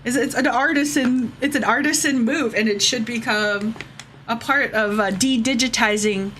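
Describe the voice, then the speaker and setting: A woman's voice: a little high, moderate pace, fairly bright tone, a little hiss or hum. A woman streamer ranting heatedly and profanely to her chat, taking drinks as she goes. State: drinking shots. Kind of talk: casual livestream rant.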